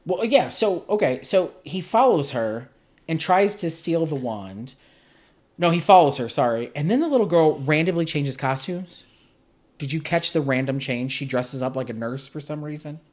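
A man's voice: fairly high pitch, animated, moderate pace, darkish tone. Sarcastic male podcast host. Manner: sarcastic, exasperated. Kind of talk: casual film review chat.

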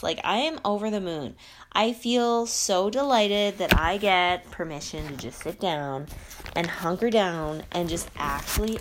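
A woman's voice: on the low side, a little hiss or hum. A young woman vlogging about a book she loves. She chats in a gushing, filler-heavy way and reads passages aloud. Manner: gushing, uses "like" a lot. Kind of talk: casual chat and reading aloud.

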